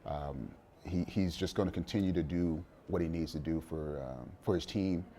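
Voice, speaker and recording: A middle-aged man with a very low, warm, mellow voice, talking as a guest in a casual sit-down interview. He speaks at an easy pace, full of fillers and restarts. Faint noise sits under the recording. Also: normal speed. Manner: relaxed, many fillers and restarts, chuckles. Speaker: interview guest, father of a college quarterback.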